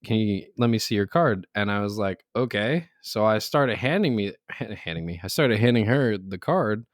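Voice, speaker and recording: A man's voice: fairly low pitch, expressive, normal speed, dry recording, clean studio sound. A man co-hosting a casual podcast, telling anecdotes, laughing often and acting out the people he quotes. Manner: laughs through his stories, acts out quoted voices. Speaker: podcast co-host. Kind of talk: casual chat.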